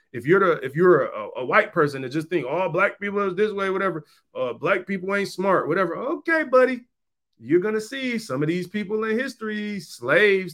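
Here the podcast host's voice sits high and sounds a bit bright. Talking right to listeners, he keeps up a slangy, emphatic monologue and says key points more than once for effect.

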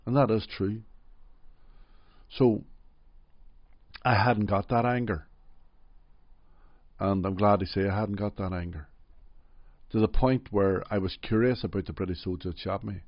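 A middle-aged man from Northern Ireland with a Derry accent, telling his life story gently and reflectively in an interview, often saying "you know". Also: on the low side, normal speed, long pauses, no room sound, dull audio. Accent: Derry, Northern Irish. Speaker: interview guest.

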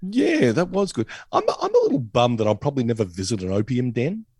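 A man, co-hosting a podcast, chatty and quick to laugh. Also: medium pitch, sing-song, darkish tone, breathy edge, dry recording, studio quality. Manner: chatty, laughs often, quips. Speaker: podcast co-host. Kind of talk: casual chat.

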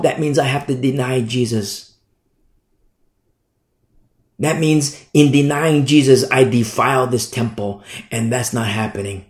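A man's voice: mid-range voice, unhurried, darkish tone. A man preaching a sermon in a fiery, scornful, emphatic manner. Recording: echoey room.

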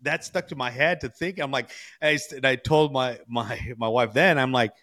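A man in his forties from California, co-hosting a casual chat. He tells stories in a slangy, animated way, full of "bro" and "you know". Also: medium pitch, moderate pace. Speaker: podcast co-host.

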